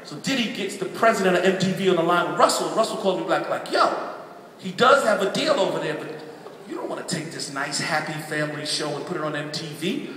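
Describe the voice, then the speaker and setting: A middle-aged man telling his life story from the pulpit, lively and acting out the voices of others. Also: a little high, fast talker, recorded from a distance, a little hiss or hum. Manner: lively, animated, acts out quotes. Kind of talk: storytelling sermon. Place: large church hall. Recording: echoey church hall from afar.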